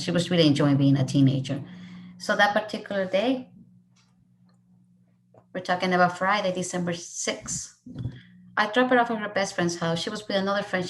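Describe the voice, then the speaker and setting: A woman's voice: on the low side, a little hiss or hum. Middle-aged woman from mexico, earnest heartfelt testimony, voice swells and drops with feeling. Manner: earnest, emotional, voice rising and falling with feeling. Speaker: speaker sharing her story. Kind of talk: emotional personal testimony.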